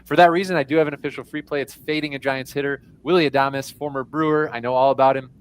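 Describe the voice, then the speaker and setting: A man's voice: mid-range voice, fairly even intonation, quick pace, smooth. A man co-hosting a sports betting show, upbeat and loaded with stats. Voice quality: upbeat, stat-heavy. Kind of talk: casual sports betting chat.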